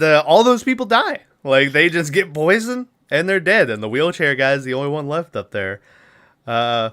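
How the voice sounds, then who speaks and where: A man's voice: mid-range voice, pushed and bright, smooth. A man co-hosting a podcast, casually recapping a film's plot in a rambling way, laughing often and acting out lines. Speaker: podcast co-host.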